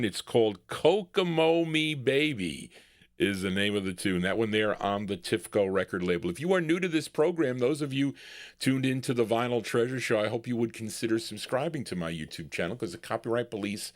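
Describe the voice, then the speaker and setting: A man's voice: lowish voice, dry recording, clean studio sound. A man hosting a live record show, introducing songs in casual, rambling patter and chuckling at himself. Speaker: radio-style record show host.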